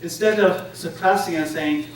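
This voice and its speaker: A man's voice: high voice, normal speed. A man giving a conference talk to an audience, telling stories and often checking in with "right?" and "okay?". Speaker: conference speaker. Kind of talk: interactive lecture to an audience. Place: conference room. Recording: echoey room, distant mic, faint noise.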